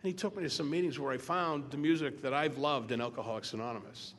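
A man's voice: medium pitch, a bit bright. Older man telling his recovery story. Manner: halting, joking storyteller. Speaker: speaker at a recovery meeting. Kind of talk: personal recovery testimony. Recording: echoey hall, faint room noise.

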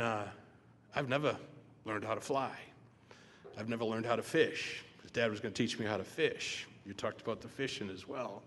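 A man's voice: mid-range voice, fairly bright tone. Older man telling his recovery story. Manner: halting, joking storyteller. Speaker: speaker at a recovery meeting. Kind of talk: personal recovery testimony. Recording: echoey hall, faint room noise.

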